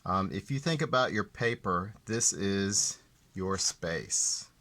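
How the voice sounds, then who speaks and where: Slow deep-voiced male art teacher. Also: animated, pushed and bright. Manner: slow, deliberate, repeats key terms. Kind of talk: classroom explanation.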